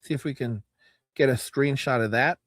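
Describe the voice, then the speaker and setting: A man hosting a casual livestream, reading chat comments and reacting, cursing and repeating himself, with frequent throat clearing. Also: medium pitch, normal speed, a bit bright, no echo, clean studio sound.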